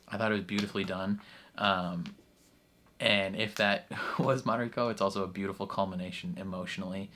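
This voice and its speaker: Man, lowish voice, casual reaction commentary, rambling, fillers, laughs a lot. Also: fairly even intonation, a little fast, sharp tone. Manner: chatty, full of fillers, laughs often. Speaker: reaction video host.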